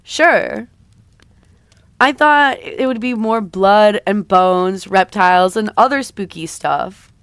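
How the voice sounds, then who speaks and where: A woman's voice: mid-range voice, slow pace, clean tone, no echo. A woman voicing a skeptical, sulky goth girlfriend in a comic she reads aloud, grumbling and teasing. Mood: disappointed.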